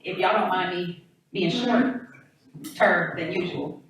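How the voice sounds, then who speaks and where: A woman moderating a comedy panel, speaking in a warm, grateful and chatty way. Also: lowish voice, animated, measured pace, dull audio, crowd noise. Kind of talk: event hosting. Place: event hall on campus. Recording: echoey hall, distant mic, background noise.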